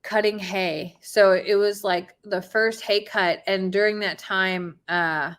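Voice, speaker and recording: Animated woman telling a funny story. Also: mid-range voice, slow. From Midwest US. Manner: animated, laughs often, swings from excited to hushed. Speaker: host telling a personal story. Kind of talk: casual storytelling.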